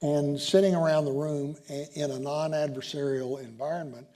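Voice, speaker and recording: A man, a senior judge, answering questions on stage at a dinner, talking in a halting way with many ums and restarts. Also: fairly high pitch, fairly even intonation, warm tone. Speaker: chief justice being interviewed. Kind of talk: onstage conversation at a dinner event. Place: hotel banquet room.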